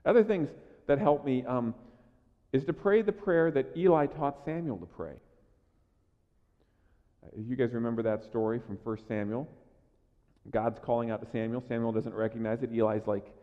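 A pastor preaches in a loose, conversational way, dropping to near-quiet asides and then pushing louder for emphasis. He often stammers and repeats words as he restarts. His voice rings in a long echoey hall on a dull, lo-fi recording. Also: mid-range voice, normal speed, long pauses. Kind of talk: sermon.

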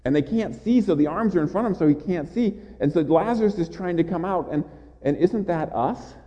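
A man's voice: sits high, animated, a little fast, mellow. Man preaching in a reverberant hall. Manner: earnest, with small stammered restarts and rhetorical questions. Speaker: pastor. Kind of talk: sermon. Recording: dull audio with long hall reverb.

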